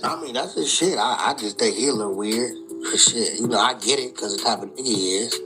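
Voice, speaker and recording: Fifty-something guy, laid back, mid-pitch voice, music going under him. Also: a little fast. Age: 50s. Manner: laid-back, repeats "you know what I'm saying". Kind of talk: casual interview talk.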